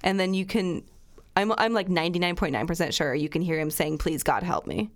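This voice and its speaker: A woman with a lower voice, co-hosting a chat podcast. She talks things through casually, hedging and filling with likes and ums. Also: brisk. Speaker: podcast co-host. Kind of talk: casual true-crime chat.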